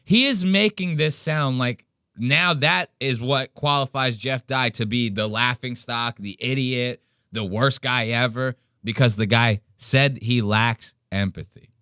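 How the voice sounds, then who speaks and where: Bright-voiced ranting podcast host man. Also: mid-range voice, unhurried, clean tone, no echo, clean studio sound. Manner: profane, ranting, mocking impressions. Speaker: podcast host reacting to a clip. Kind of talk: casual podcast commentary.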